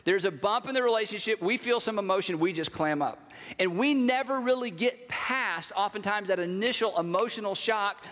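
Speaking in a high, somewhat bright voice, this male pastor delivers a conversational sermon, acting out bits of everyday dialogue. The recording carries a long hall reverb.

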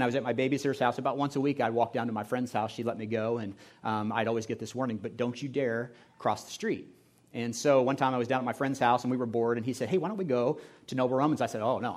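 A middle-aged male pastor from Indianapolis delivers a sermon in a relaxed, storytelling manner. His mid-range voice often sinks to a quiet, hushed level, with plenty of fillers along the way. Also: medium pitch. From Indianapolis, USA. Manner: conversational storytelling, often dropping to a soft, hushed tone.

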